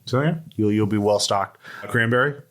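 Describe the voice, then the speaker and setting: A man's voice: fairly low pitch, fairly quick. A man running a tabletop game as game master, talking in a loose, rambling way with plenty of fillers. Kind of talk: casual tabletop game narration.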